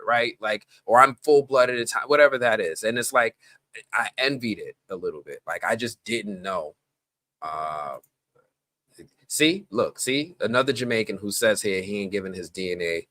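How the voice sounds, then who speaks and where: A man's voice: on the low side, moderate pace, dry recording. A man from the Bronx hosting a live stream, chatting casually and rambling off on tangents. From the Bronx, New York. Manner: animated, rambling, goes off on tangents.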